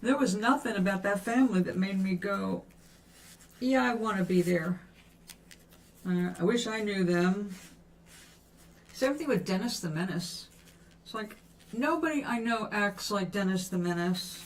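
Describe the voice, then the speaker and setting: Painting during a livestream, an older woman talks casually, thinks out loud, and responds to questions from viewers. She speaks at medium pitch, unhurried, with frequent pauses.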